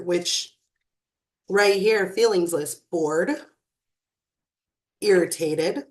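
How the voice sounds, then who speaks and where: A woman in her thirties speaks slowly and earnestly, working through her thoughts with measured pauses. Her voice sits at a middle pitch, and she talks as a mother sharing lessons from her own home. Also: steady tone. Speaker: mother and emotional wellness speaker. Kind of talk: reflective personal talk.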